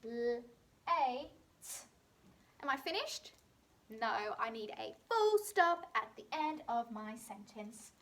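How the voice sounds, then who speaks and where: British woman teacher sounding out words for little kids, slow and careful, a bit high. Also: lively intonation. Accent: British English. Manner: slow, clearly sounded-out words with bright emphasis. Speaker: primary school teacher. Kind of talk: phonics lesson for young children.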